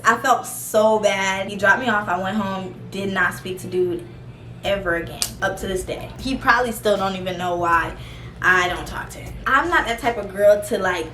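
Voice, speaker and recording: A woman's voice: medium pitch, a bit bright, far from the mic. A young woman spins a casual storytime with blunt, profane humor and frequent laughter. She sits some way back from the mic in a roomy space, with faint music under her voice. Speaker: vlogger.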